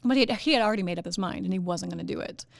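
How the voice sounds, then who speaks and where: A woman with a lowish, gravelly voice talks very fast, recorded with no room sound. Hosting a wellness podcast, she gives casual motivational talk in a chatty, animated way, full of fillers and laughs, and puts on goofy voices when quoting people.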